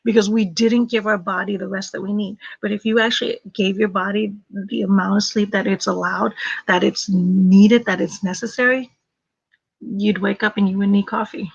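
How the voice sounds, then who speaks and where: A woman's voice: mid-range voice, steady tone, normal speed, vocal fry, slightly rough, no room sound, lo-fi sound. A woman hosting a casual livestream, chatty and laughing often. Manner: chatty, laughs often, talks to her dog. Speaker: livestream host.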